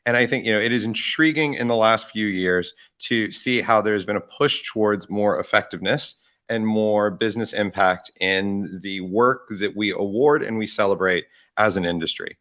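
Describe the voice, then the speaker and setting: A man's voice: lowish voice, moderate pace, hardly any pauses, fairly bright tone. A man co-hosting a podcast in casual chat, thoughtful and hedging his points. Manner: thoughtful, hedging with "I think" and restarts. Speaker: podcast co-host.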